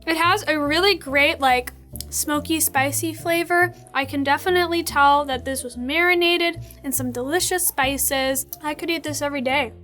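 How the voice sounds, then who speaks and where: A young woman hosting a casual food tasting vlog, bubbly and chatty, full of excited fillers. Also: high-pitched, moderate pace, soft background music. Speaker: host.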